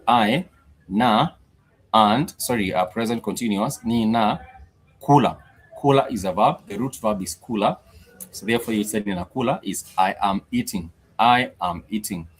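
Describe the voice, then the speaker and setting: A man teaching a live-streamed Swahili class, patiently repeating each phrase and spelling words out letter by letter. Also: lowish voice. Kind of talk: live-streamed language lesson.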